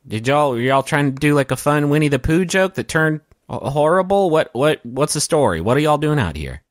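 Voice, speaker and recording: A man's voice: a little high, very animated, a little fast, dry recording, studio quality, voice pushed up. A man voicing a cheerful, nosy woman forest ranger who talks in a breezy drawl and fires off questions. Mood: teasing.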